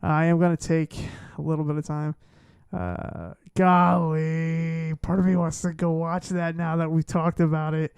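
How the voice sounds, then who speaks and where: A man live-streaming casually, talking to himself in a flustered way as he fiddles with his software. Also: on the high side, flat delivery, moderate pace, hardly any pauses, smooth, no room sound.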